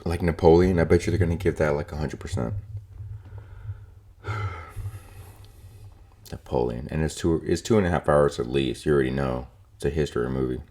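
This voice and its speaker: A young man with an extremely low, dark voice rants casually on his own podcast. He is opinionated and profane, rambling through his points with plenty of filler words. The delivery is loose, like chatting to friends. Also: normal speed, pauses often. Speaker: podcast host. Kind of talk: casual solo podcast rant.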